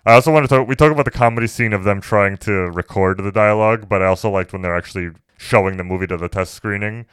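A man with a lowish, clear voice rattles along at a quick clip, talking about a movie with his co-host. He rambles casually, stuffing his sentences with fillers, and slips into goofy voices whenever he quotes someone. The sound is dry and close. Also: no room sound. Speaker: podcast co-host. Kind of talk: casual film discussion.

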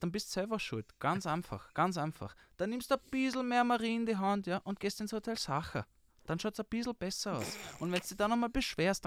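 A man's voice: high-pitched, no echo, clean studio sound. A man doing a rude Viennese complaints officer. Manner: loud, scolding, insulting.

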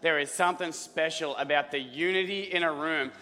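A man preaching as lead pastor, his voice rough and hoarse, rallying the congregation and clearing his throat often. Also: fairly high pitch, fairly quick, pushed and bright. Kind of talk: sermon. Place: church auditorium. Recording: hall reverb with faint music.

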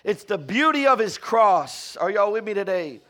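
A male pastor from Florida with a Southern accent, preaching a sermon. He calls out to the congregation and moves from shouted peaks to quiet, low storytelling. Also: very animated, moderate pace. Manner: call-and-response, often asking "are y'all with me".

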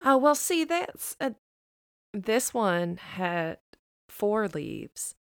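Slow, gravelly woman telling a tale. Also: mid-range voice, big pitch swings, a bit bright, no echo, clean studio sound. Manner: halting, laughs through her own jokes. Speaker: player. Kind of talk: casual tabletop play and improvised storytelling.

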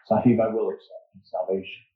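In a story, a preacher voices an old pearl diver in grief, speaking slowly and earnestly. The male voice is fairly low, natural, and pressed down, with little rise or fall in pitch. It sounds dull and reverberant, like a church recording with microphone problems.

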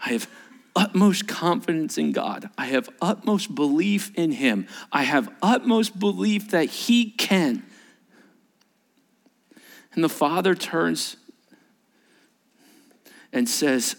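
A male pastor delivers a sermon to his church with a somewhat high voice. He preaches in an animated way, pushing hard on some points and dropping to a near whisper on others. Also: takes it slowly, gravelly, pauses often. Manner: animated preaching, swinging from emphatic to hushed and whispered. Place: church service.

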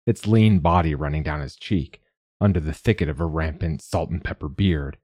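Deep, husky male audiobook narrator. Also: a little mellow, no echo, clean studio sound. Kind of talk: scripted first-person narration.

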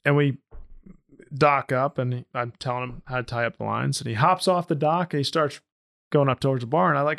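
A man and boat captain telling a casual story, lively, often acting out the dialogue. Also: mid-range voice, fairly quick, gravelly. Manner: animated, jumps into quoted dialogue.

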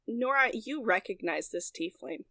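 A woman narrating as game master in a relaxed, unhurried way with hesitations. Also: mid-range voice, dry recording.

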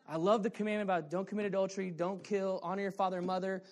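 Preaching quickly with few pauses, this male pastor has a high voice and a lively, playful style. He alternates between hushed asides and shouted points while trading banter with the congregation.

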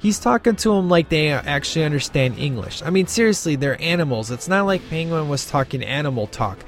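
A man's voice: on the high side, expressive, a little fast. A man and father giving casual film commentary, rambling with many fillers and restarts. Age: adult with a child. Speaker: film reviewer.

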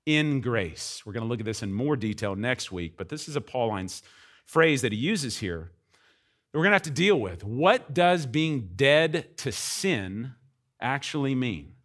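A man preaching a sermon as pastor, emphatic, with wide swings between quiet and loud. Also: medium pitch.

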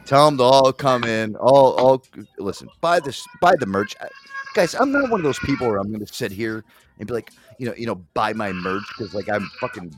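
A man hosting a podcast, talking in loud, excitable, profane casual banter. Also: medium pitch, brisk, noisy background. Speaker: podcast host.

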